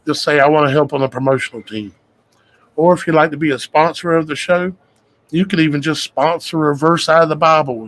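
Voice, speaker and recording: Man host, folksy and meandering, pitched a bit high. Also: poor audio. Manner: rambling, conversational, folksy with "y'all guys". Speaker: show host. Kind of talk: casual talk to viewers.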